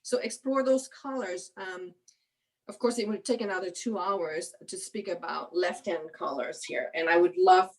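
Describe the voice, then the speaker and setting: A woman's voice: fairly low pitch, normal speed, low-quality recording. A woman teaching viola in a master class, coaching a student with encouraging explanations full of "you know.".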